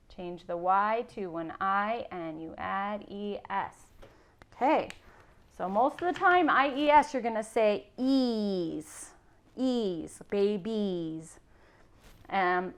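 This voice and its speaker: A woman teacher giving a recorded class lesson, slowly sounding out spelling rules in a patient, encouraging way. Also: mid-range voice, fairly bright tone. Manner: slow, patient, sounding out words.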